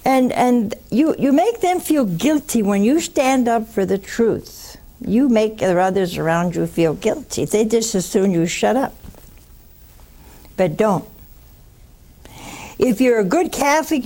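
A woman's voice: a little high, lively intonation, dark tone. An older woman hosting a religious call-in show, blunt and fervent, answering callers. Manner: slow, blunt and fervent, calls callers honey.

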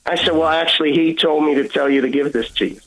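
A man's voice: fairly high pitch, fast talker, low-quality recording. A man giving an earnest personal testimony as a guest, acting out the dialogue as he tells it.

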